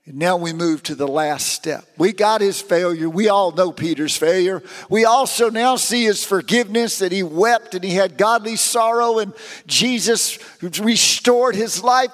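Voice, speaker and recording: A man's voice: high voice, a little slow, a bit bright, big-room sound. A man preaching a sermon, telling stories with rising and falling emphasis.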